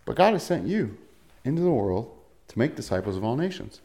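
A man's voice: mid-range voice, big pitch swings, brisk, creaky, dark tone. A male pastor preaching a sermon in a conversational way, reading scripture and asking rhetorical questions with shifting emphasis.

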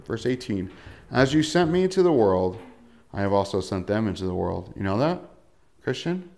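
A man's voice: on the low side, vocal fry, a little mellow. A male pastor preaching a sermon in a conversational way, reading scripture and asking rhetorical questions with shifting emphasis.

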